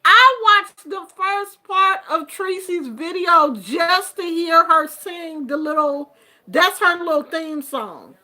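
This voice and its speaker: A middle-aged woman chatting casually to her viewers, telling animated stories and laughing through them. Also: extremely high pitch, slow pace. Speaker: YouTuber. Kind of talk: casual storytelling chat.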